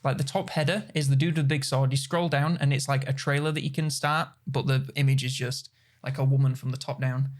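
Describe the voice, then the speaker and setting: A man's voice: mid-range voice, fairly even intonation, brisk. A man co-hosting a gaming podcast in casual chat, joking, laughing and swearing freely. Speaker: podcast co-host.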